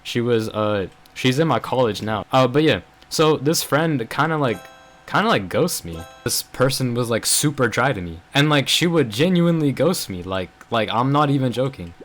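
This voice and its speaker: Over faint background music, a young adult man with an expressive, fairly bright, medium-pitched voice tells a story at normal speed. His casual vlog is rambling and filler-heavy, full of "bro" and "like," as he vents his frustration.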